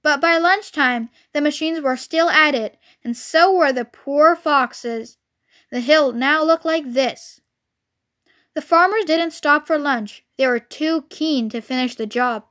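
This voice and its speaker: A woman's voice: high voice, slow pace, a bit bright. A woman reading a children's storybook aloud expressively, as a storyteller.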